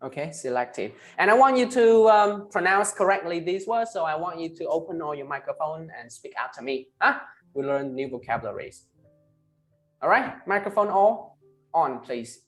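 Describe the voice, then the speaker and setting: A male English teacher with a Vietnamese accent leads an online class. He models each word slowly and tags most phrases with "right?" or "huh?". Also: on the high side, lively intonation, fairly bright tone, faint music behind. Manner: ends phrases with tag questions "right?" and "huh?"; slow, emphatic model pronunciations. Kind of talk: online class, pronunciation drilling.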